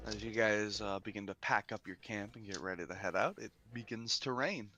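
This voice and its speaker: A man's voice: fairly low pitch, a little fast, sharp tone, a little hiss or hum. A tired man running a tabletop game as game master, laid-back and laughing often on a voice call. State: tired, yawning. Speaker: dungeon master.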